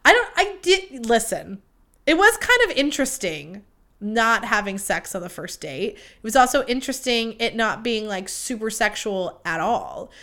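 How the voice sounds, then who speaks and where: A woman's voice: a little high, moderate pace. A young adult woman hosting a podcast, telling a dating story in a chatty, profane way and acting out quoted lines. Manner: chatty, profane, quoting others in lively voices. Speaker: podcast host. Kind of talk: casual storytelling monologue.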